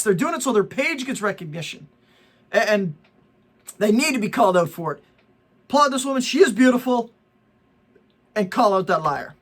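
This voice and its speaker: A middle-aged man hosting a vlog, ranting with indignation about people lying for likes and preaching with jokey asides. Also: extremely high pitch. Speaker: vlog host. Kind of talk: ranting social media commentary.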